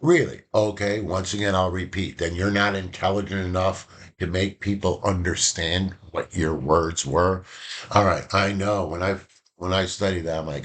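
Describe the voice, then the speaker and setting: Deep-voiced man, college professor, lively lecture, acts out quotes, repeats points. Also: moderate pace. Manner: animated storytelling, acting out quoted voices; repeats key points, conversational. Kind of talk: classroom lecture.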